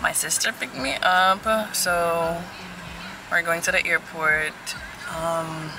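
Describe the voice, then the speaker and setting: A woman's voice: fairly low pitch, fairly even intonation, takes it slowly, noisy background. A woman talking casually to her viewers in a day-in-the-life vlog, recorded on a phone while out and about. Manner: chatty, addresses viewers as y'all, laughs often. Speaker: vlogger. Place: car and home, on the go.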